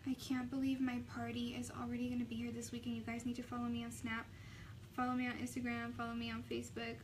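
A young woman vlogging a makeup tutorial, chatting casually with a sassy, animated way of telling stories. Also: fairly high pitch, quick pace, a little hiss or hum.

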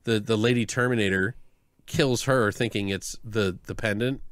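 A man's voice: fairly low pitch, steady tone, moderate pace, a bit bright, no room sound. A man co-hosting a podcast, reviewing a movie in casual chat. He rambles, swears, laughs often and mimics the characters. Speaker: podcast co-host.

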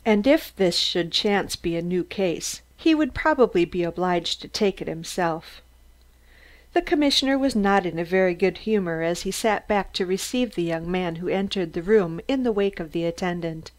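A woman's voice: on the low side, expressive, normal speed. Woman reading an audiobook. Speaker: audiobook reader. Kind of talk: audiobook narration.

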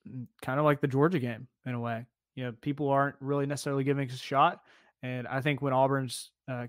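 A man's voice: medium pitch, a bit bright, smooth, no room sound, studio quality. A man co-hosting a casual sports podcast, talking in a loose, easygoing way full of "like" and "kinda.". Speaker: podcast co-host.

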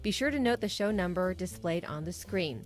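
A woman announcer reading a scripted closing voice-over, clear and informative. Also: fairly low pitch, lively intonation, normal speed.

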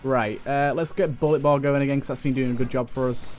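A man's voice: medium pitch, fairly even intonation, quick pace, a little mellow, faint music behind. A young man giving casual let's play commentary, chatty and jokey, swearing and talking to enemies as he plays.

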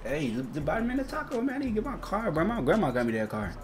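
A man's voice: high voice, wildly swooping pitch, fast talker, over music. A young man in an improvised game skit, whiny and complaining. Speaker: guest.

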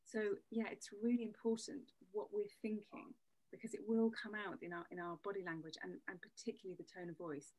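A woman speaks as a voice coach in an interview, her tone husky and a little breathy. She explains things patiently and backs her points with examples. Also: mid-range voice, flat delivery, a little fast, a little mellow, low-quality recording. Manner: explanatory, uses demonstrative examples. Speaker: voice coach guest. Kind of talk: conversational interview.

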